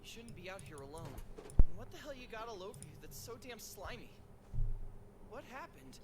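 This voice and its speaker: A rattled young male soldier from an anime, blunt and agitated. His voice sits very high and swings widely in pitch. Loud noise runs behind it. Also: animated, normal speed.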